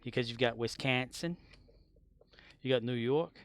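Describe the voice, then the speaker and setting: A man's voice: medium pitch, unhurried. A young man streaming a game, chatting casually with his viewers in a rambling, joking way with some crude language. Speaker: livestreamer. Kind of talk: casual livestream chat while gaming.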